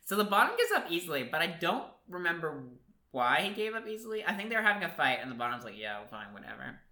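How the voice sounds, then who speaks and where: A man retelling a film plot in casual chat, animated and laughing, acting out characters' lines. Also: high-pitched, fast talker. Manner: animated storyteller, laughs often, mimics characters. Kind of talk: casual movie recap chat. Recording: echoey room.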